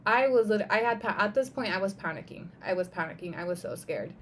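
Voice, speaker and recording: Soft background music plays as a young woman on a live stream tells a personal story, her mid-range voice moving a little fast. She's casual and animated, full of "like" and "right?" with the odd curse.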